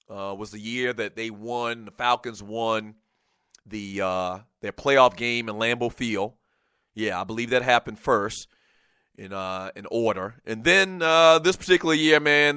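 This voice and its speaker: A man hosting a sports radio talk show, telling a loose, animated story with frequent plugs for the show. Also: medium pitch, clear, resonant tone, dry recording, clean studio sound.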